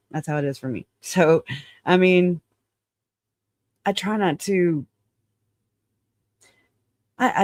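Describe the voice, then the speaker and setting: A man's voice: fairly high pitch, no echo, clean studio sound. A man hosting his channel in casual livestream chat, frank and rambling, often laughing and hedging claims as alleged. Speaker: channel host.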